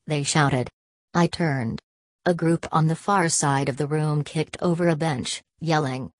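A woman reading an audiobook in a steady first-person narration. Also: low voice, a little slow, no room sound. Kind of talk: scripted narration.

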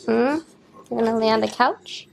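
A woman's voice: on the high side, normal speed, creaky. A young woman in her twenties chatting in a casual home vlog, cooing baby talk to her dog. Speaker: vlogger. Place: home, indoors.

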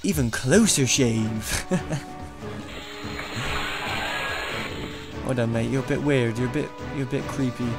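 A young man commentating a game he is playing, excitable and mocking, laughing often at what he sees. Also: medium pitch, slow pace, pauses often. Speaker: gaming YouTuber. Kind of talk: let's play commentary. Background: game music.

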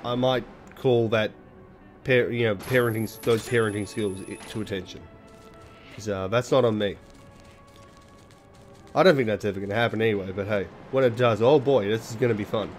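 A man's voice: lowish voice, steady tone, normal speed, long pauses, soft background music. A young man giving rambling, jokey, sweary commentary while playing a video game. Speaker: let's play host. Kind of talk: casual gameplay commentary.

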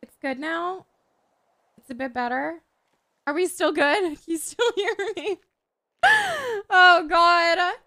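A woman in her twenties chatting casually on a live game stream, excitable and swearing freely. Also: extremely high pitch, slow pace, pauses often. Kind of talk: casual live-stream chat while role-playing a game.

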